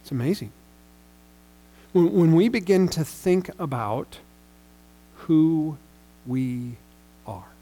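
A man's voice: fairly high pitch, animated, slow pace, pauses often, warm tone, rough recording. Man preaching in a conversational way. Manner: conversational storytelling, with bursts of raised emphasis. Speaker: pastor. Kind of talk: sermon.

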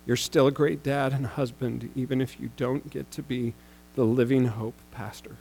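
A man's voice: mid-range voice, fairly even intonation, moderate pace, vocal fry, a little mellow, breathy edge, poor audio. A man in his forties, a pastor, telling a personal story in a sermon in a conversational way, with bursts of raised emphasis.

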